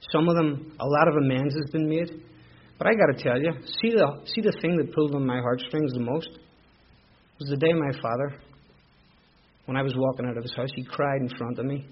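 A man's voice: mid-range voice, fairly quick, breathy edge. A middle-aged man with a Belfast accent, candidly telling his own recovery story as personal testimony, with emotional repetitions. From Northern Ireland. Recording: dull lo-fi recording.

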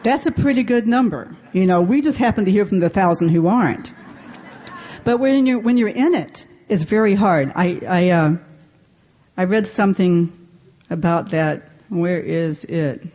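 A woman's voice: fairly low pitch, moderate pace, mellow, muffled recording. A woman speaking at a convention, sharing her story in a candid, self-deprecating way with frequent laughs. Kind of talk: personal recovery talk. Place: convention meeting room.

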